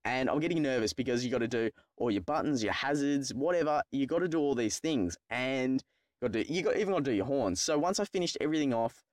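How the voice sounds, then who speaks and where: Talking fast with lively intonation, this young Australian uses a medium-pitched, darkish voice to tell a personal story about his driving test for his vlog. It's rambling, profane and self-mocking, with no echo on the recording.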